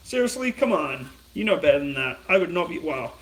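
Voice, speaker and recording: A man's voice: fairly high pitch, big pitch swings, brisk, fairly bright tone, far from the mic. Chatty British man in an echoey kitchen. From Britain. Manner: rambling, chatty, reads viewer comments aloud. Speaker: cooking livestreamer. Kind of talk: casual livestream chat while cooking. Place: home kitchen.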